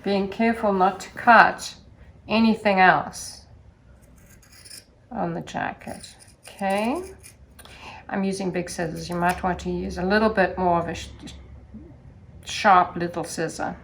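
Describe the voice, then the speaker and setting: Woman sewing teacher, unhurried sing-song demo voice, faint room hum behind. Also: on the low side, fairly even intonation, vocal fry. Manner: gentle, sing-song instructional delivery. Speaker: sewing instructor. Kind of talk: step-by-step sewing demonstration.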